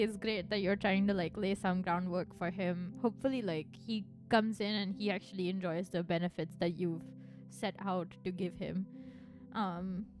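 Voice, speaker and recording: A woman's voice: medium pitch, darkish tone. A young adult woman streamer chatting casually with viewers, rambling and peppering her talk with "like". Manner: rambling, chatty, full of "like" fillers. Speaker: virtual streamer. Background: music.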